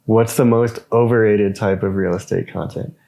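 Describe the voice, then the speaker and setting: A man hosting a casual podcast interview, briskly asking questions and saying "okay" between them. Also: fairly low pitch, steady tone, gravelly, mellow, no echo. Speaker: podcast host.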